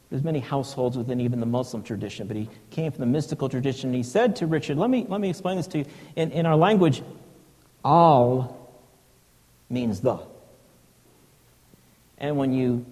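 A man preaching a sermon, slow and reflective, sometimes dropping to a hushed, breathy tone. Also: medium pitch, in a large hall.

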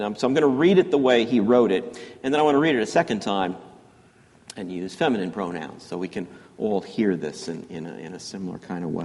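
A man delivering a homily as a priest, talking in a halting way with many repeated words and reading a quote slowly. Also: lowish voice, a little mellow, long reverb tail.

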